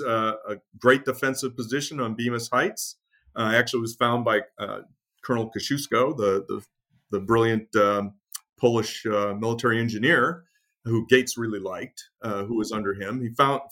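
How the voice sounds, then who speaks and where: A man's fairly bright, mid-range voice carries an interview in which he, the guest author, explains military history conversationally. He restarts often, uses plenty of fillers, and acts out quotes while storytelling.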